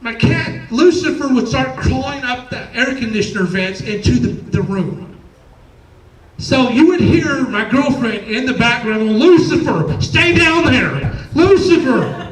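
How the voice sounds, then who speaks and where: A man's voice: very high voice, animated, measured pace, roomy sound, distant mic, a little hiss or hum, low-quality recording. A man doing a stand-up comedy set, telling chatty stories and acting out quoted voices. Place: comedy club stage.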